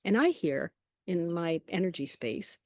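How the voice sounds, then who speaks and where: A woman chatting as an interview guest, telling lively anecdotes with quoted asides and frequent small laughs. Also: on the low side, a little slow, no room sound, studio quality. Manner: laughs often between phrases. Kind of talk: casual storytelling.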